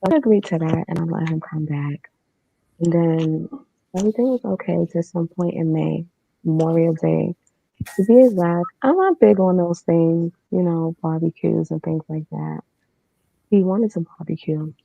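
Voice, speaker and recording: Gravelly low-voiced woman telling her story. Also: normal speed, mellow. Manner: candid, matter-of-fact recounting with casual fillers. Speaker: podcast guest. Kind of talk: personal storytelling. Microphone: remote streaming setup. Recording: dull lo-fi online stream.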